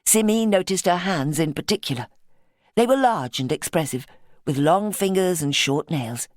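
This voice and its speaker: A woman narrating a mystery novel in a measured, even read. Her voice sits low, and the studio recording is close and completely dry. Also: no echo. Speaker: audiobook narrator. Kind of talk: scripted narration.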